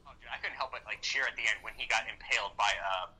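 Husky, bright-voiced man, excitable, over a call. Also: lowish voice, fast, poor audio. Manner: excited, profane, mimics film lines. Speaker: podcast co-host. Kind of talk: casual movie-review chat.

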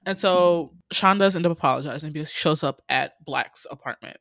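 Brief: lively recap host, bright tone, close dry mic, swears and acts out dialogue. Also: mid-range voice, fairly quick, gravelly, no echo. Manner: animated retelling, acts out characters' lines, frequent laughs and swearing. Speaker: podcast host. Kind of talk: casual recap chat.

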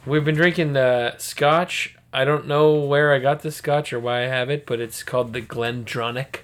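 A man's voice: medium pitch, steady tone, moderate pace. A man co-hosting a podcast in casual chat over drinks, joking and laughing often. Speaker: podcast co-host.

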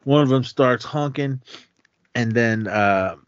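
A man's voice: mid-range voice, slow, no room sound. Man animatedly retelling a film scene. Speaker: podcast co-host. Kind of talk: casual movie recap chat. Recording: dull lo-fi sound.

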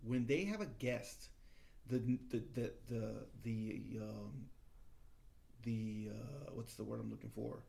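A man telling travel stories in casual chat, animated and acting out the people he quotes. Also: medium pitch, slow pace, vocal fry. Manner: animated storytelling, acts out quoted voices.

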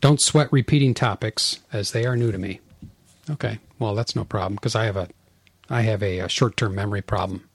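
A man's voice: lowish voice, a little fast, breathy edge, no echo. A man hosting a podcast, bantering and joking at his own expense in casual chat. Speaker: podcast host.

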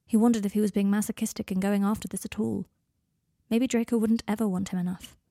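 A woman reads a story aloud in a calm, even voice. Her tone is dark and mellow with a gravelly edge, and the sound is dry and close. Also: mid-range voice, fast talker, dry recording. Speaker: fan fiction reader. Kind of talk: story narration.

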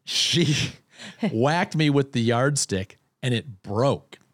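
A man's voice: mid-range voice, lively intonation, slow pace, no room sound, clean studio sound. A man in casual conversation, telling a self-deprecating childhood story with lots of restarts.

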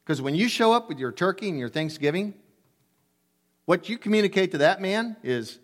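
A man in his sixties preaching a sermon as a pastor, telling stories in an animated, emphatic way with casual asides. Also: sits high, moderate pace.

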